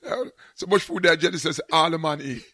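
A man with a Jamaican accent hosting a show in casual chat, telling animated stories and slipping into patois. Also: fairly high pitch, a little fast, dry recording. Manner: animated storyteller, slips into patois. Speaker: show host.

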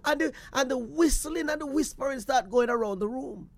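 A man with a Jamaican accent, telling a personal story to his viewers in an animated way, slipping into patois and repeating phrases. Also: very high-pitched, brisk, gravelly, hardly any pauses, dry recording.

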